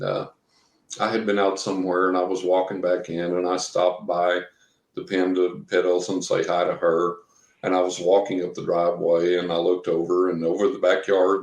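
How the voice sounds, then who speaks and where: A man from Texas, a guest in an interview, rambling through a personal story and acting out what people said. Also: low-pitched. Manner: rambling storyteller, acts out quotes. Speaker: guest, professional psychic reader. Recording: roomy echo.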